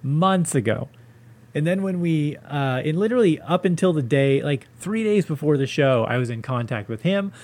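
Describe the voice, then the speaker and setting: A man's voice: a little high, animated, normal speed, a little mellow. A man hosting a solo comedy podcast, ranting with profane sarcasm.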